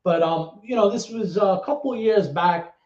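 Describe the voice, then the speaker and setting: Here the New York man pitches high with a darkish tone, keeping a moderate pace as he casually tells personal stories. He's a guest from the Bronx, and his talk rambles, swears, and restarts often amid plenty of fillers. The sound is lo-fi, roomy and dull.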